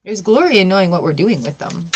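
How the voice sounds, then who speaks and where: A woman's voice: fairly low pitch, lively intonation, fast talker, slight background noise. A woman giving a casual live-stream tarot reading, chatty and blunt and swearing freely. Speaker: tarot reader.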